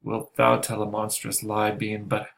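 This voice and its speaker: Guy doing a jeering drunk jester, low gravelly voice. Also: monotone, a little slow, a bit bright. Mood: mocking.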